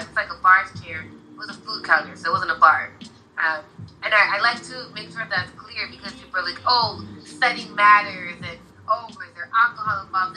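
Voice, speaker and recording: A woman's voice: mid-range voice, pushed and bright, a little hiss or hum, poor audio. A young woman in casual conversation, talking bluntly and heatedly and swearing freely.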